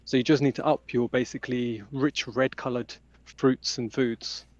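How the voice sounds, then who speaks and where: A man's voice: medium pitch, fairly even intonation, normal speed, a little mellow, no room sound. Man, podcast guest, explaining health, casual chat, dull lo-fi, dry. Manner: explains health matters at length.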